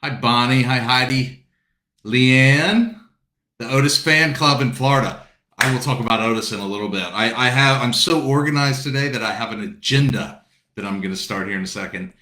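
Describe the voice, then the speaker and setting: A man's voice: medium pitch, normal speed, bright, forceful tone, roomy sound. A man from South Carolina hosting a casual book launch video call, greeting viewers by name and chatting in a rambling, friendly way. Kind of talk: casual chat.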